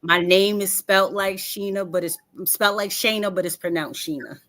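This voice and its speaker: A woman's voice: mid-range voice, fairly even intonation, moderate pace, fairly bright tone. A woman from New York, a magazine founder, giving earnest, faith-filled motivational answers in an interview.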